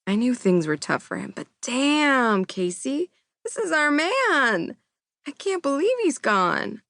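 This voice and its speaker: A woman's voice: medium pitch, a little slow, no room sound, studio quality. A woman voicing an emotional female morning radio co-host. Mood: shocked. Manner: dramatic disbelief, exclamatory.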